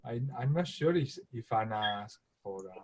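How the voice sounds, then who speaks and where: A gentle man facilitating a casual group session, laughing often. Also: mid-range voice, expressive, moderate pace.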